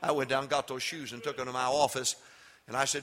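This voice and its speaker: An older man, a pastor giving a sermon that swings from loud emphatic preaching to folksy storytelling. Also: medium pitch, flat delivery, a little fast. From Texas.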